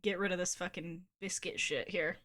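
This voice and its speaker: A woman's voice: on the low side, fairly even intonation, moderate pace, a bit bright. A woman from Ohio, streaming a game and chatting casually with her viewers, giggling often and swearing casually. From Ohio, USA. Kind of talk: casual live-stream chat while gaming.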